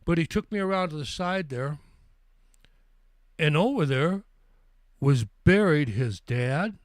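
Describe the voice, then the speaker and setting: A man in his sixties hosts a live stream and spins a travel story in a rambling, easygoing way. He repeats words and restarts sentences as he goes. His voice sits a bit high for a man, and the sound is dry and close. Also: animated, takes it slowly, no echo. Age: 60s. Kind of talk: casual storytelling.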